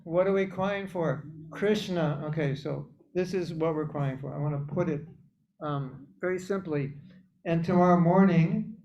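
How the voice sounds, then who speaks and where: A man giving a spiritual workshop talk to a live group, animated and teasing, mimicking voices and laughing often. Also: on the high side, measured pace, slight background noise. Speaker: spiritual teacher. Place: temple hall. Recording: echoey, dull room recording.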